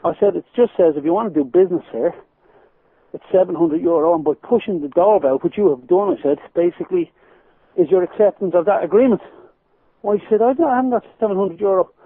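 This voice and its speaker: Fast-talking Irish man on a phone line. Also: high voice, breathy edge, no echo. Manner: animated storyteller, laughs while telling anecdotes. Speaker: guest. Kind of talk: phone-in radio interview. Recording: tinny phone line, dry.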